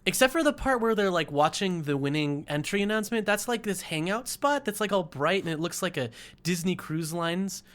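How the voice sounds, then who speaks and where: A man's voice: high-pitched, animated, fairly quick, fairly bright tone. A young man co-hosting a casual podcast chat, rambling and laughing often as he restarts his sentences. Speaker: podcast co-host.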